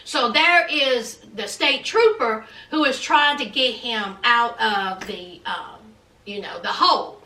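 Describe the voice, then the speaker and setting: A woman's voice: a little high, slow pace, bright, forceful tone, slight background noise. A woman giving a chatty, sassy show recap, calling her viewers honey and child. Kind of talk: casual gossipy recap. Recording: roomy echo, mic at a distance.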